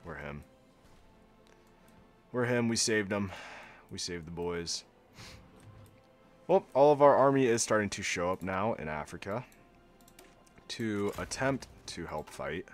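A young man giving casual, sarcastic gameplay commentary as a video host, often laughing at himself and going deadpan when joking. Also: deep voice, measured pace, pauses often, faint music behind. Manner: flat monotone when joking.

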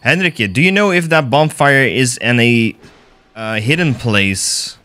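Laid back streamer guy goofing around, slow talk, pitch all over the place. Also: lively intonation, sharp tone. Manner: playful, self-mocking, swears. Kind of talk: casual gameplay commentary.

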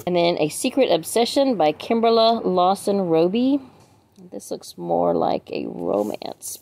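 In a medium-pitched, darkish voice with vocal fry, a woman unboxes books and chats casually for her vlog. She reads the titles aloud and turns to viewers with friendly asides, asking them how to say certain words.

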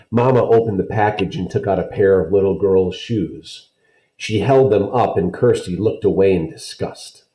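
Deep-voiced man reading a children's novel. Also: moderate pace, dark tone, reverberant, rough recording. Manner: friendly, checking in with listeners.

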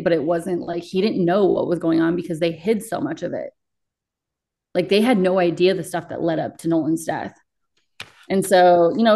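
A woman's voice: lowish voice, a little mellow. A young woman paramedic recounting her experiences in an interview, bluntly and emotionally, with frequent swearing. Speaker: paramedic guest. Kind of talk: candid interview storytelling.

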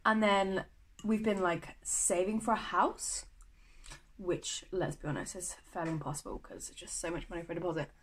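A woman's voice: on the low side, steady tone, normal speed, slight background noise, rough recording. A young woman from the UK chatting to camera in a vlog, gushing and full of fillers. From United Kingdom. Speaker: vlogger. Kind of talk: casual chat to camera.

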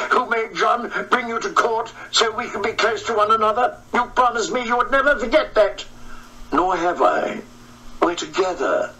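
A man's voice: sits high, bright, forceful tone, far from the mic, slight background noise, heavily acted, poor audio. A man narrating an audiobook voices a hysterical, jealous noblewoman who sobs and pleads frantically.

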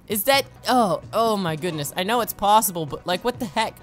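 A young man commentating on his own gameplay, excitable and jokey, talking to himself and yelping when he crashes. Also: high-pitched, fairly quick. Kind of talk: let's play commentary.

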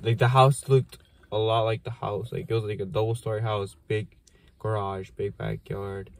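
A man's voice: fairly low pitch, fairly even intonation, normal speed, creaky. Rambling young guy swearing through a story. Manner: rambling, swears constantly, fills with "like". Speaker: vlogger. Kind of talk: casual storytelling. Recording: noisy outdoor traffic in background.

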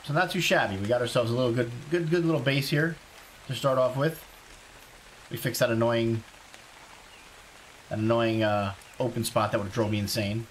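A man's voice: medium pitch, normal speed, long pauses, slight background noise. Amped-up male game streamer. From South Carolina. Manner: excited, chatty, greets chat viewers by name. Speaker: live streamer. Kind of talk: casual live game commentary.

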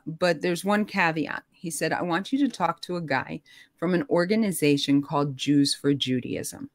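Middle-aged woman, low-pitched, lively storyteller, dry close sound. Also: dry recording. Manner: animated, expressive, rising pitch when emotional. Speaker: guest telling her story. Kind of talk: conversational storytelling.

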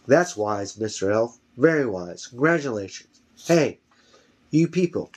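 A man voicing a loud, blustering middle-aged town official in a home story reading. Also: mid-range voice, expressive, measured pace. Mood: alarmed. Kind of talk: audiobook reading.

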